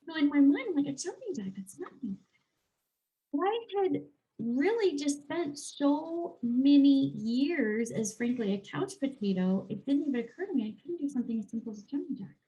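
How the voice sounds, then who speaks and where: A woman health and life coach chatting casually in a podcast interview, telling a personal story and acting out her own thoughts in animated bursts. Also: high voice, low-quality recording. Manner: animated, quick swings into acted-out inner voices.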